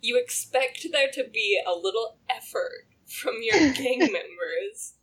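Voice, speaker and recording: A woman co-hosting a casual podcast chat, animated and laughing often as she talks over a TV drama. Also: on the high side, slow, slightly rough. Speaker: podcast co-host.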